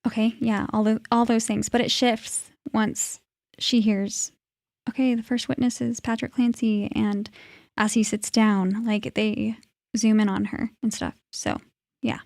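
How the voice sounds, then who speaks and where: A woman's voice: fairly high pitch, flat delivery, a little slow, vocal fry, darkish tone, no room sound, clean studio sound. A woman co-hosting a live stream, talking informally about a trial, with lots of "like". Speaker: co-host. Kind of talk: casual live-stream chat.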